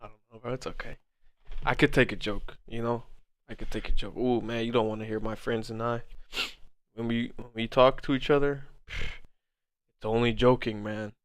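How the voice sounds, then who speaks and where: A man's voice: medium pitch, steady tone, normal speed, dry recording, studio quality. A man in his twenties hosting a trading livestream, reading chat and bantering casually, laughing hard and swearing a lot. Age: 20s. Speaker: forex livestream host.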